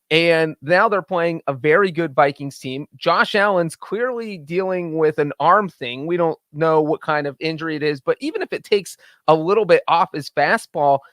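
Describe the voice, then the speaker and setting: A man's voice: on the high side, a bit bright, no room sound, clean studio sound. A man co-hosting a casual football betting podcast, laying out his picks in confident, flowing arguments. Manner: confident, talks in full flowing points. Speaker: podcast co-host, NFL betting analyst. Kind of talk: casual sports betting chat.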